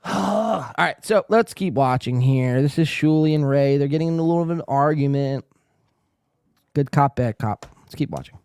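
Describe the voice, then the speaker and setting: A man's voice: fairly high pitch, moderate pace, smooth, dry recording, studio quality. A man hosting a reaction podcast, ranting and swearing in casual commentary. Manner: profane, ranting, excitable. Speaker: podcast host.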